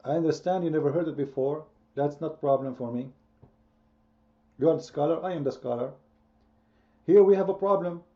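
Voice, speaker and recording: A man's voice: a little high, moderate pace, pauses often, mellow, lo-fi sound. A man hosting a heated online debate, speaking emphatically, repeating his points and quizzing his listeners. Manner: emphatic, repetitive, quizzing the audience. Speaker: debate host.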